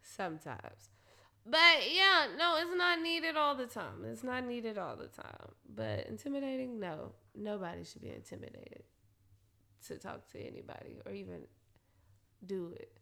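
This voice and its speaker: A woman delivers a loose, profane monologue of advice, laughing between lines. Her voice is bright and a little high, and she swings from easy talk to loud, animated ranting. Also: moderate pace, gravelly. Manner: blunt and profane, laughs often, rants animatedly. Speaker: solo talker giving advice. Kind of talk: casual monologue.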